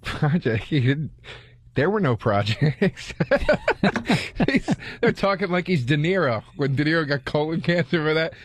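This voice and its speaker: A man's voice: fairly high pitch, big pitch swings, a little slow, slight background noise. A man co-hosting a comedy podcast in casual chat, telling loose anecdotes with easy laughter.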